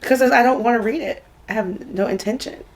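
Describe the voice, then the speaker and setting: A woman co-hosting a book vlog in a husky morning voice, playful and often laughing. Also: a little high, a little fast. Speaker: book vlogger, co-host. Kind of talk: casual chat.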